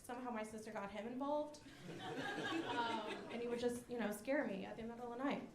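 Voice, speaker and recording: On a comedy club stage, a young woman does stand-up, telling self-deprecating stories packed with fillers in a brisk, fairly high voice. The recording is very noisy, with roomy club acoustics and audience laughter.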